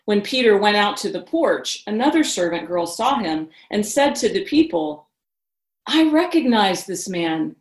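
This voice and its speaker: A woman reading scripture passages in a measured, solemn way, in a church. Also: medium pitch, animated, echoey room. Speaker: scripture reader.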